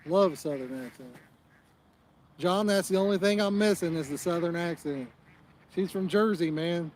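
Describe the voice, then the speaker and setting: Guy joking around on a live fishing stream, kinda high voice, bit of outdoor hiss. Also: normal speed, darkish tone. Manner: chatty, joking, rambling. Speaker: fishing channel host. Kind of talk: casual live-stream chat.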